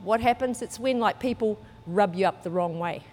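A woman's voice: mid-range voice, moderate pace, long reverb tail, a little hiss or hum. A woman, preaching a sermon and telling a personal story, acting out voices and laughing often. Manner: lively storytelling, acts out quotes, laughs often. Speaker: church speaker.

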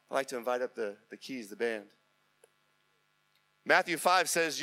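A middle-aged male pastor preaching a sermon with urgent, repetitive exhortation that builds to impassioned near-shouting. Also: mid-range voice, brisk, long pauses.

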